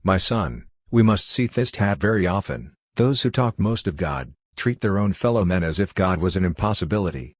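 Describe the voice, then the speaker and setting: A man reading the part of a wise, tender condemned male prisoner who speaks gently and philosophically. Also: deep voice, expressive, normal speed, hardly any pauses, no room sound, studio quality.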